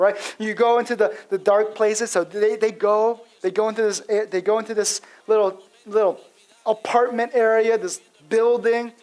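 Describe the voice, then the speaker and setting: A man's voice: sits high, poor audio. A male pastor giving an expository sermon in a casual storytelling manner, acting out quotes with frequent fillers.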